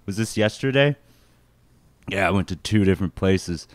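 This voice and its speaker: A man's voice: deep voice, moderate pace, no room sound. A young man co-hosting a podcast, telling a story in casual chat, laughing often and swearing freely. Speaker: podcast co-host.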